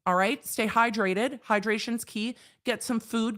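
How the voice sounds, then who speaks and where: Middle-aged woman lawyer hosting a live stream; loose, chatty, animated, swears casually. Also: a little high, a little slow.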